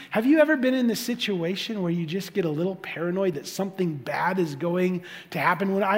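A man preaching a sermon as pastor, animated, acting out the voices he quotes. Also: sits high, big-room sound.

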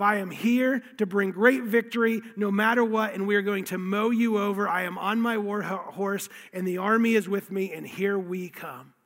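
A man preaching a sermon, telling the story with emphasis and repeating key phrases. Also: high voice. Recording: long hall reverb.

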